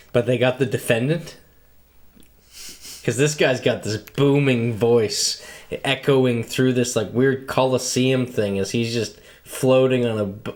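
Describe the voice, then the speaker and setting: A man's voice: medium pitch, a little mellow. A man co-hosting a podcast, talking casually about a film, laughing often and making crude jokes. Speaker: podcast co-host. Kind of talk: casual movie chat.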